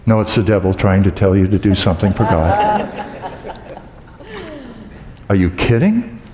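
Joking preacher in an echoey hall. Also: male voice, fairly low pitch, very animated, unhurried, over a noisy crowd. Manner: humorous storytelling, acts out exclamations. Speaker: pastor. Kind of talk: sermon. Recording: echoey hall with long reverb.

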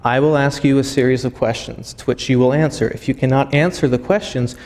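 A man preaching a sermon. He tells a long story, halting and often repeating words as he goes. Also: medium pitch, steady tone, a little mellow. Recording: long hall reverb.

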